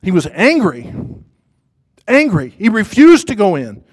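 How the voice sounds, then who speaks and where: Male preacher with a high voice, live sermon, emphatic, builds and drops to a hush. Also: wildly swooping pitch, unhurried, slightly rough. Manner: emphatic, repetitive, swings from loud to hushed. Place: church before a congregation.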